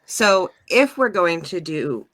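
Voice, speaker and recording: A woman talks through her plans at a tabletop role-playing game, pausing with ums and uhs as she thinks. Her tone is bright, and her pitch moves up and down freely. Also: sing-song. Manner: thinking aloud, hesitant with fillers. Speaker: player. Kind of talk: tabletop role-play chat.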